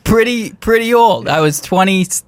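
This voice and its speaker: Joking man in his late twenties, high. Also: expressive, moderate pace, dry recording. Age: 20s. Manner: joking, self-mocking, fussy about grammar. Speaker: podcast co-host. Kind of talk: casual chat.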